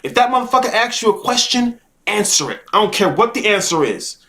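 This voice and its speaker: Animated, high-voiced man coaching on a live stream. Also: fairly quick. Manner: emphatic, repetitive and profane, preachy. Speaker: life coach host. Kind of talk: live-stream motivational monologue.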